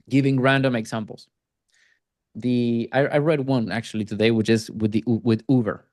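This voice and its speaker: A man teaching closing techniques to a sales team on a casual video call, acting out quick replies from prospects as he goes. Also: medium pitch, darkish tone, no echo, studio quality. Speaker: sales trainer.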